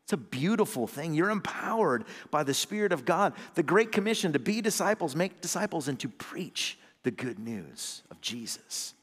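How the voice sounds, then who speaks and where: A man, an associate pastor, preaching a sermon with call-and-response amens, swinging between loud emphatic lines and low hushed ones. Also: very animated, normal speed, hardly any pauses, breathy edge, in a large hall.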